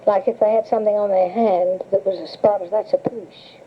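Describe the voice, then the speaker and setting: On a tinny old cassette with audible hiss, an older woman with a medium-pitched voice and fairly even intonation talks briskly. Being interviewed, she casually reminisces in a chatty, storytelling way, laughing often as she recalls her memories.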